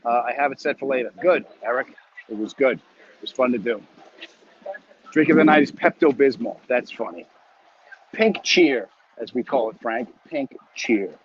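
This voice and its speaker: Out on his walk home, a comedian chats with viewers on his weekly phone livestream, reading their comments and a little short of breath. His medium-pitched voice keeps a moderate pace through muffled audio with slight background noise, and his talk is loose, jokey and rambling.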